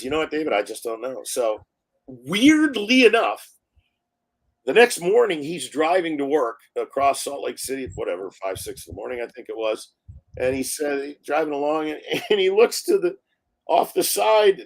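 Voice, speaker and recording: A man, a film director, telling stories in a live interview, acting out quotes and laughing often. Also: a little high. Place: live online stream.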